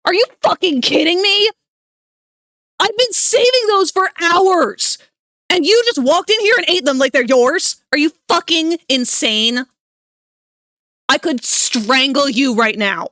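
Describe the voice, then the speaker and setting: A woman voicing a furious woman who yells in unbridled rage at someone who ate her snacks. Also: sits high, lively intonation, a little slow, no room sound, pitched above the performer's own voice, heavily acted.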